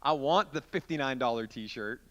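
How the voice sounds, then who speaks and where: A man's voice: medium pitch, lively intonation, normal speed, a bit bright, dull audio. A man preaching as a youth pastor in an interactive youth group sermon, playful and joking with volunteers.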